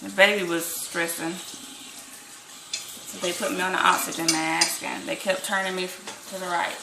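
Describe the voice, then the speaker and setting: A woman's voice: on the low side, flat delivery, normal speed, heavy background noise. A woman telling a personal story in a casual vlog, chatty and full of fillers and restarts. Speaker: vlogger. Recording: echoey room.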